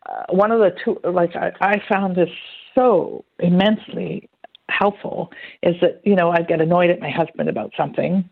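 A woman's voice: lowish voice, normal speed, vocal fry. A woman talking casually in an interview, telling stories and acting out quotes as she goes. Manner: chatty, animated storytelling with acted-out quotes. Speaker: guest. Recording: phone-like narrow band.

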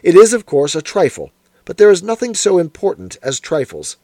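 A man reading a sharp Victorian detective in an audiobook, clipped and deliberate, his voice lower and quieter. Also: huge pitch swings, no room sound, heavily acted. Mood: analytical.

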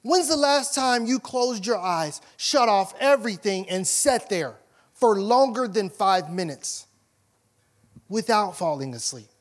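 A male pastor delivering an emphatic sermon, swinging from loud questions to soft asides. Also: high voice, lively intonation, unhurried.

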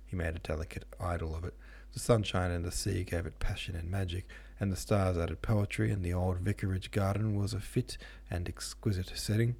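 Reading a classic novel aloud, this podcast host and audiobook narrator keeps a steady, measured pace. He has a low, husky voice with a dark and mellow quality.

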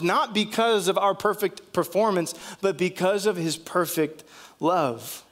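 Casting: male pastor, fairly high voice, chatty storyteller in the pulpit. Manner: conversational storytelling preacher, acts out dialogue. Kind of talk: sermon.

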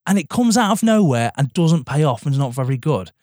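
A young man co-hosting a casual film podcast, animated and sweary, laughing often. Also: on the high side, brisk, no room sound, studio quality. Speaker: podcast co-host.

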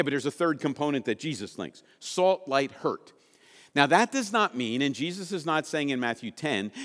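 A man's voice: fairly high pitch, fairly bright tone, long reverb tail. A man preaching a sermon to his congregation, asking rhetorical questions and repeating key lines for emphasis. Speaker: pastor.

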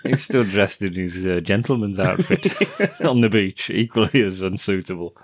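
A man's voice: deep voice, normal speed. A man co-hosting a casual film review podcast, joking and laughing often as he retells scenes. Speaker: podcast co-host.

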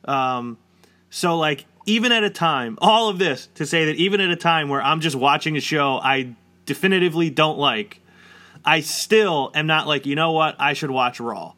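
A man near forty talks at normal speed in a fairly high, pushed, bright voice. It's a rambling, casual chat dotted with many instances of "like."

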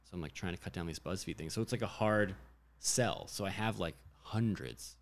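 Deep-voiced man chatting about his work. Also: moderate pace. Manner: relaxed, rambling, frequent "like". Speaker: commercial director. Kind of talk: casual chat.

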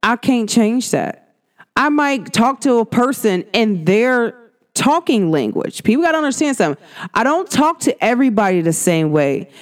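Animated woman vlogging about astrology. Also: on the high side, moderate pace. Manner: animated, slangy, talks straight to viewers. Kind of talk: casual talk to camera.

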